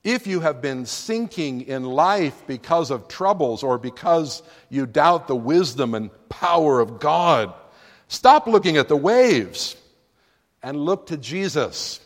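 Man preaching a sermon, takes it slow, voice rises and falls a lot, big echo tail in the sanctuary. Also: fairly high pitch, sing-song. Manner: emphatic, dramatic preaching delivery. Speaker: pastor. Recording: long reverb of a large room.

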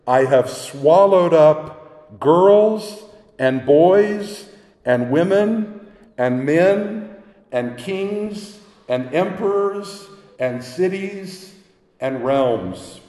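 A majestic male lion from a storybook, calm and stern, each word slow and grave, as a preacher puts him on. The voice sits mellow and soft-edged in an echoey hall with a long reverb tail. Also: on the high side.

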